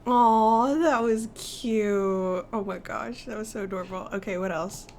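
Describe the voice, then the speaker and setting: A woman's voice: mid-range voice, steady tone, moderate pace. A woman hosting a let's play, commenting casually and gushing emotionally over the scenes. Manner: gushing, emotional, full of exclamations.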